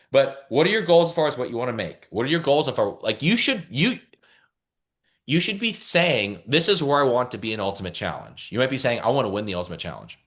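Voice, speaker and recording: Man, team video call, motivational pep talk, pitch swings up and down, repeats himself. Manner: energetic, repeats phrases, calls for responses. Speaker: team leader.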